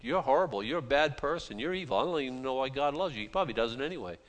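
A man's voice: mid-range voice, expressive, very fast, long reverb tail, lightly acted, rough recording. A man voicing a sneering, accusing male devil who belittles and condemns the listener. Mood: contemptuous.

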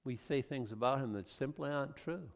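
A man's voice: mid-range voice, a little fast, creaky. Preaching man in a reverberant hall. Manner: reads scripture aloud and comments, rising to loud emphatic passages. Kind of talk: sermon.

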